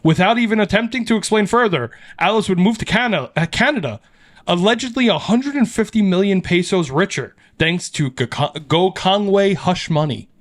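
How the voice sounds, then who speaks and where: A man hosting a podcast, his voice sitting a touch high. He retells an urban legend in loose, animated chat, swearing and laughing often. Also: normal speed. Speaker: podcast host. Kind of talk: casual storytelling chat.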